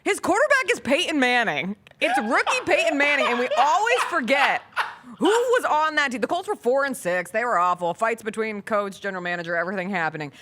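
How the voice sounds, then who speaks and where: A woman hosting a sports talk show, trading wry, quick banter and laughing often. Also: fairly high pitch, very animated, noisy background. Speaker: sports radio host. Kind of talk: casual sports chat.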